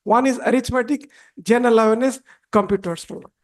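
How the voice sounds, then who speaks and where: A man arguing a case before a judge, halting and deferential, with many restarts and repeated "my lords.". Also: very high voice, steady tone. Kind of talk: courtroom argument.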